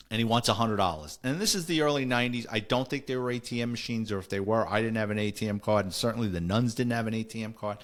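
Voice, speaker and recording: A man's voice: medium pitch, fairly bright tone. A middle-aged man, a former police officer telling a story in a wry, conversational way on a podcast. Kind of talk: casual storytelling.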